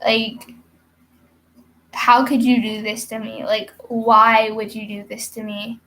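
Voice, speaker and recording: A woman's voice: fairly high pitch, flat delivery, slow, a bit bright, a little hiss or hum. A young woman talking casually to camera in a rambling, hyper vlog monologue with giggly asides. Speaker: vlogger.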